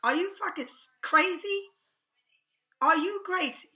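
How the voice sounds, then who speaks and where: A woman with a high, bright voice, talking to her viewers as a tarot reader. She is blunt, heated and freely profane. The sound carries an echo from the room. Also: a little slow. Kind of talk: casual direct-to-camera rant. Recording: echoey room.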